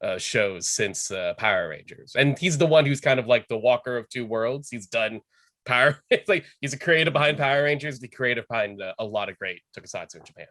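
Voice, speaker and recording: A man moderating an online panel, eagerly sharing fan trivia. His voice has an average pitch. The sound is dry and close over a video call. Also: animated, brisk, a bit bright, dry recording. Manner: eager, fan-knowledgeable explainer. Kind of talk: casual panel chat.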